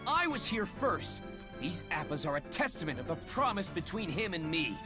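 A man voicing a brash, excitable young man who speaks indignantly and outspokenly in a visual novel. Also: sits high, moderate pace, music in the background.

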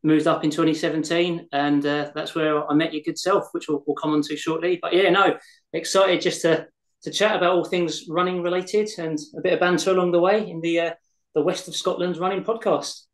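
Casual podcast co-host from England, chatty, stumbles over words, roomy sound. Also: male voice, fairly high pitch, fairly even intonation, a little fast. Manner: chatty, repeats words as he goes. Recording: echoey room.

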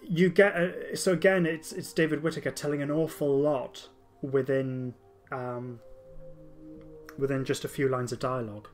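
A man's voice: medium pitch, steady tone, soft background music. A man hosting a podcast, talking enthusiastically in a casual discussion, often stopping and restarting his sentences. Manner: enthusiastic, halting with many restarts. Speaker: podcast host.

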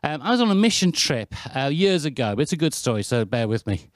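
A man's voice: mid-range voice, fast talker, no room sound, studio quality. A British man preaching a sermon, telling stories in a chatty, self-deprecating way. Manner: anecdotal, chatty and lively, with self-deprecating asides.

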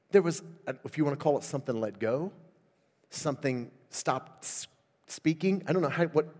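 A middle-aged man preaching at a revival, telling stories and building to loud, fervent exhortation. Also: medium pitch. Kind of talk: sermon. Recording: long hall reverb.

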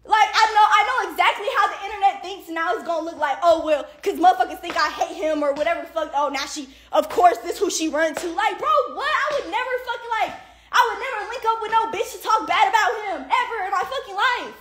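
A young woman with a very high voice, venting on a livestream in a heated rant. She swears nonstop, leans on "like" and "bro", and sounds fed up. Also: fast talker, a bit bright, slight background noise. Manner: heavy profanity, repeated "like" and "bro"; indignant and exasperated, with bursts of laughter.

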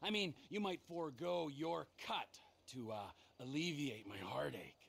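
An actor playing a volatile, violent middle-aged male criminal in a video game, gravelly and menacing. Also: a little high, unhurried. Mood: mock calm. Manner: abrupt, menacing, swings between yelling and mock calm. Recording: game audio over background noise.

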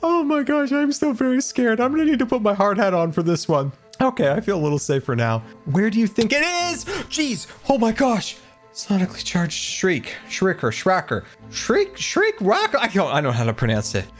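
Excitable high-voiced man gasping at his game. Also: a little fast, soft background music. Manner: excitable, lots of gasps and exclamations. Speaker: gaming video creator. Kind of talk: solo gameplay commentary.

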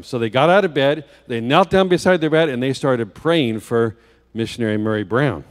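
A man's voice: medium pitch, expressive, fairly quick. Man telling a story in a reverberant church. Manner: vivid storytelling with rhetorical questions. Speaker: guest preacher. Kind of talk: children's story sermon. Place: church sanctuary. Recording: long church hall reverb.

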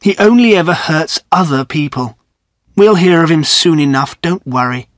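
A man putting on a tense, angry young gentleman. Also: fairly high pitch, expressive, moderate pace, dry recording, clean studio sound, voice pushed up, close to an everyday voice. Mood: bitter. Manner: raised, tense and bitter. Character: young gentleman, anxious, quick to anger. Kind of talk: graded-reader audiobook reading.

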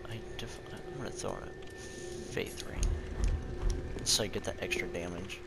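A young man giving casual, jokey gameplay commentary at home, breaking into loud frustrated outbursts. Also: low voice, fairly even intonation, normal speed, whispered, loud music behind the voice. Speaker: gaming channel host. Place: home room with dogs around. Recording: loud background noise.

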